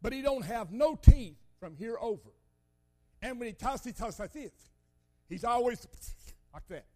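An older man preaching a sermon, telling folksy stories with loud emphatic bursts. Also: very high-pitched, lively intonation, normal speed.

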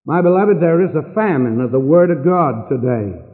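An older man preaching a sermon from a church pulpit with earnest, emphatic pauses. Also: a little high, expressive. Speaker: pastor. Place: church sanctuary. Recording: distant hall on a tinny lo-fi recording.

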